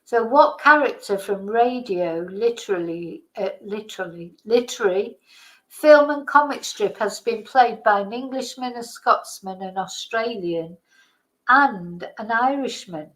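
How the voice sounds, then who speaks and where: A woman's voice: mid-range voice, lively intonation, unhurried, fairly bright tone, low-quality recording. A woman hosting a casual live-stream quiz, chatting, laughing and thinking aloud as she reads the questions. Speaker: host.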